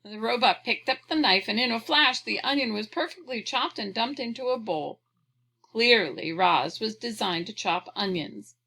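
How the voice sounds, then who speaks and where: Bright, gravelly-voiced woman reading a storybook. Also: a little high, lively intonation, moderate pace, poor audio. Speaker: audiobook reader. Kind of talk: storybook read-aloud.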